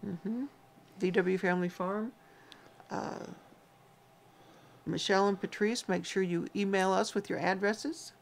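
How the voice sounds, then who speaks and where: With long pauses and slight background noise, a woman speaks unhurriedly in a creaky, medium-pitched voice and a steady tone. She co-hosts a homestead livestream, playfully chatting through viewer comments and names.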